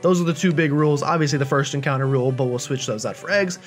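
A young man hosting a video game let's play in a chatty, self-deprecating, animated way. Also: medium pitch, fast talker, faint music behind. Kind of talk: casual game commentary.

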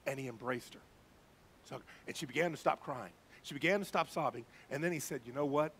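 A man preaching as a pastor, telling a quiet story and building to fervent preaching before leading a prayer. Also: medium pitch, fairly quick, a little hiss or hum. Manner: swings from hushed storytelling to rising fervent preaching. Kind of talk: sermon with story and closing prayer. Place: church sanctuary.

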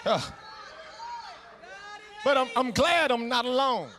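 A middle-aged man with a Southern US accent preaching in a Black church, emphatic, stammering repeats, a sing-song cadence that swings from hushed to shouting. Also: very high-pitched, animated, takes it slowly, long reverb tail, crowd noise. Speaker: guest preacher. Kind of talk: Black church sermon with call and response. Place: church sanctuary.

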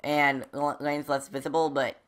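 A woman's voice: low voice, flat delivery, moderate pace. A woman giving rambling let's play commentary as a gaming channel host, talking to herself as she plays and breaking into sudden squeals and yelps. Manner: chatty, rambling, talks to herself while playing.

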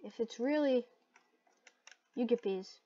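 Woman, gameplay commentary, excitable, slow-paced talk, dull lo-fi recording. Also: a little high, slight background noise. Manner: excitable, shrieks and laughs at close calls. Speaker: gaming video host. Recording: dull lo-fi mic.

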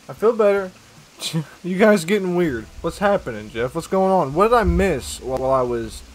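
A man's voice: fairly high pitch, lively intonation, moderate pace. A young man chatting casually with his viewers while he plays a game and reads their messages, upbeat and slangy. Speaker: gaming streamer. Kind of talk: casual live-stream chat while playing.

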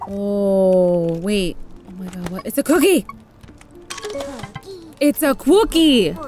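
A woman's voice: mid-range voice, sing-song, slow, long pauses, darkish tone, faint music behind. A woman hosting a let's play, giving casual, playful and jokey gameplay commentary. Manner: playful, jokey, laughs and repeats words.

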